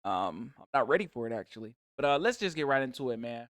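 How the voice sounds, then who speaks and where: Lively American reaction host. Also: male voice, medium pitch, quick pace, dry recording, studio quality. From United States. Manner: animated, keeps saying "bro" and "man". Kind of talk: casual reaction commentary.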